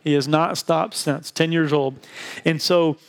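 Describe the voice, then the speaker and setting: A man in his thirties gives a lively sermon with a slightly high voice. He shifts his tone to act out characters in his stories, then returns to steady preaching. His delivery moves between quick, eager stretches and slow, weighty phrases. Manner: animated storytelling, acts out quotes in a higher voice. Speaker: pastor.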